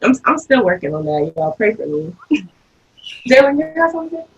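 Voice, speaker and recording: A woman in her early twenties, a daughter, telling stories in a casual panel chat with an animated, laughing manner. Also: a little high, moderate pace, highs cut off, slight background noise. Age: early 20s. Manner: animated storytelling, laughs often.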